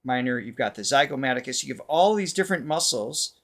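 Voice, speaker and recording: Hosting a reaction show as a vocal coach, this man talks briskly at a medium pitch. His explanations are relaxed and lively, with frequent laughter.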